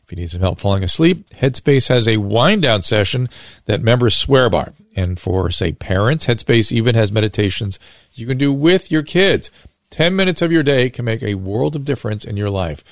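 A man hosting a podcast, reading sponsor ads briskly and then questioning a guest. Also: mid-range voice, expressive, no echo, studio quality. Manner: brisk promotional delivery. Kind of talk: ad read and interview.

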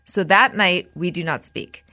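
A woman's voice: on the low side, measured pace. A woman in her forties hosting a podcast, telling a story in casual chat and acting out what people said, swearing freely. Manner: animated storytelling, acts out quotes, swears freely. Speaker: podcast host.

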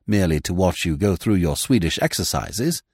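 A man voicing a young gentleman who speaks with elaborate, drily witty politeness. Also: sits low, animated, normal speed, husky, no echo, clean studio sound, heavily acted. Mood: suave. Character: suave, languid young English gentleman.

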